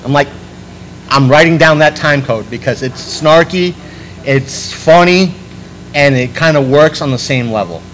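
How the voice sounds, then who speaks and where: A man hosting a podcast in casual chat, rambling and restarting his sentences, animated when he quotes people. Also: on the high side, unhurried, slight background noise, rough recording. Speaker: podcast host.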